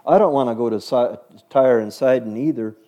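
A man's voice: mid-range voice, normal speed, muffled recording, natural voice. A man voicing a stubborn, prejudiced male follower who talks bluntly and indignantly.

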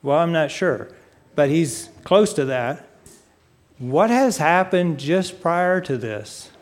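A man preaching a sermon, speaking deliberately and putting questions to his listeners. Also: a little high, very animated. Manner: asks the audience questions; unhurried, deliberate. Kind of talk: sermon teaching.

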